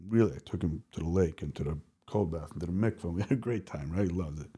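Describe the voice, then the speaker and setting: A man speaking as a podcast guest, telling candid personal stories in an animated, rambling way, often restarting his sentences. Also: sits low, fast, husky. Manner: animated, rambling, self-interrupting. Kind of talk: candid conversational storytelling.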